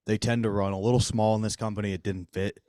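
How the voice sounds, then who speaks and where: A man's voice: lowish voice, flat delivery, quick pace, a little mellow, no echo, clean studio sound. A man co-hosting a comedy podcast, telling a long story in casual, profane banter. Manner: profane, joking, acts out others in his stories. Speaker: podcast co-host.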